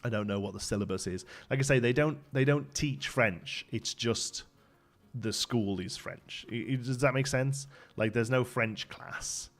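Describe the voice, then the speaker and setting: A man's voice: mid-range voice, unhurried. A man in his thirties from Birmingham with a Brummie accent, chatting casually as a game streamer, rambling with lots of restarts. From Birmingham, England. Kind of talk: casual live-stream chat. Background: faint background music.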